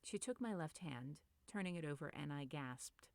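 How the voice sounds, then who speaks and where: Brief: female audiobook narrator, measured read, dead-dry booth. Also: low-pitched, expressive, vocal fry, darkish tone, no room sound.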